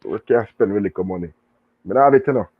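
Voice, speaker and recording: A man with a Jamaican accent chatting casually about football, animated and full of patois banter. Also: lowish voice, quick pace, slightly rough. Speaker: show guest and pundit. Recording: tinny phone line.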